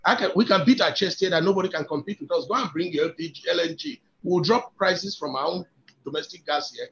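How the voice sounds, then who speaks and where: A man's voice: high-pitched, sing-song, fast talker, gravelly, fairly bright tone. A man with a Nigerian accent speaking as an industry guest on a webinar, making his points emphatically and persuasively and often repeating words as he builds an argument. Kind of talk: webinar talk. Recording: dull lo-fi webinar audio.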